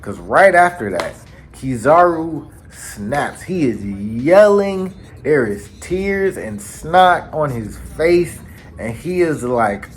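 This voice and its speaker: A man hosts a casual recap and tells the story in a slangy way. His pitch swings widely as he builds the drama. Faint music plays behind his voice. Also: sing-song, slow pace. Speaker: anime channel host. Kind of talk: casual manga chapter recap.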